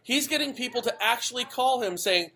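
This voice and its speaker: A man's voice: extremely high pitch, animated, fairly quick, vocal fry, pushed and bright. A man hosting a podcast, giving blunt, emphatic commentary that swears freely and keeps checking in with the listener. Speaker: podcast host.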